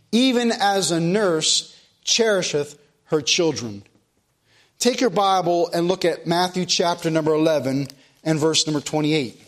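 A man preaching a sermon, quoting scripture in old-style wording and repeating key phrases. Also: a little high. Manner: repeats phrases, quotes King James scripture.

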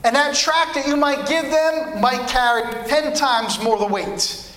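High, bright-voiced preacher man. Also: measured pace. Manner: emphatic, repetitive preaching cadence. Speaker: pastor. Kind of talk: sermon. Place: church. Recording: echoey church room.

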